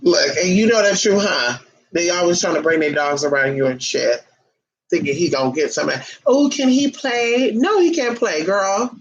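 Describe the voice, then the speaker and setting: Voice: medium pitch, expressive, normal speed, fairly bright tone, breathy edge. A vlogger ranting to camera in a sassy, profane, emphatic way, calling listeners honey and baby. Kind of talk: casual ranting monologue to camera. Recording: dull lo-fi recording.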